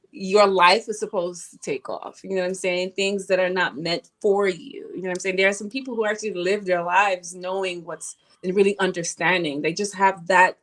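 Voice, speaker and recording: A young adult woman from Nigeria, a podcast guest talking casually and reflectively. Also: medium pitch. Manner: reflective, leans on "you know what I'm saying".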